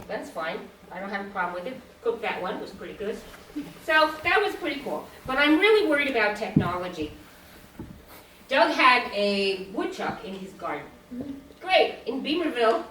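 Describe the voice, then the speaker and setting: Her voice on the high side, bright and forceful, a woman in her sixties does a stand-up set in a small club. She acts out dialogue in her stories and laughs at her own punchlines, captured from afar in a roomy recording with slight hiss or hum.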